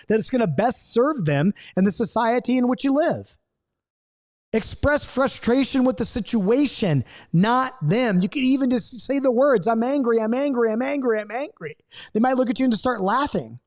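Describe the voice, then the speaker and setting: A man's voice: high-pitched, a little mellow. A middle-aged man teaching a recorded Bible study lesson, earnest and coaching, repeating key points.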